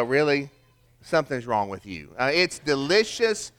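A man's voice: medium pitch, animated, a little slow, fairly bright tone. An older man, preaching a sermon in a folksy storytelling way with rhetorical questions. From American South. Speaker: pastor.

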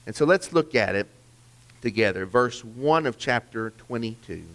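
Lively, earnest male preacher. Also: mid-range voice, moderate pace. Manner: earnest, emphatic, with frequent restarts and rhetorical questions. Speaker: pastor. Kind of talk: sermon.

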